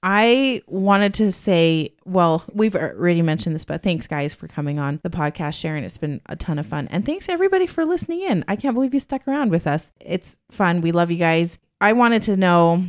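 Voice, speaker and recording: A woman hosting a casual podcast chat, loud and quick to laugh. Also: lowish voice, lively intonation. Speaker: podcast host.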